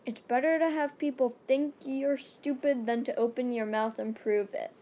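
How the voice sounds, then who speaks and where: A young woman voicing a dry, sarcastic teenage boy who mutters deadpan remarks. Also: high voice, normal speed, natural voice.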